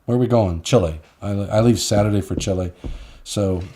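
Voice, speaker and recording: A man's voice: lowish voice, normal speed, warm tone, a little hiss or hum. A man hosting a live online show, chatting casually and rambling through stories with frequent laughs. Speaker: host. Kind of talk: casual live-stream chat.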